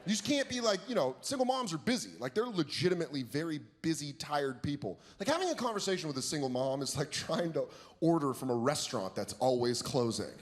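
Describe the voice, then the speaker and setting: A young man doing a profane, animated stand-up routine on stage, jumping into exaggerated quoted voices. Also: fairly high pitch, quick pace, few pauses. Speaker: stand-up comedian. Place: stage before a live audience. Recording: live show with audience noise.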